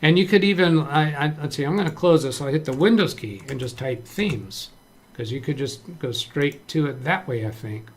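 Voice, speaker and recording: A man's voice: on the high side, normal speed. A man hosting a casual live-stream computer tutorial, thinking aloud as he works, reading chat messages and often restarting his sentences. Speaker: live stream tech trainer. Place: home office with several monitors.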